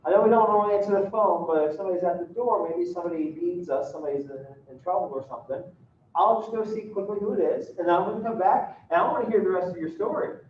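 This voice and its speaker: A man plays a relentlessly cheerful, squeaky-clean sitcom father who bursts with folksy exclamations. The voice rides high and sounds distant and dull, as if caught from across a room with heavy echo. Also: fast, a little hiss or hum, close to an everyday voice. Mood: cheery. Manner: gushing, folksy "golly gee" exclamations. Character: overly wholesome cheerful sitcom dad, middle-aged.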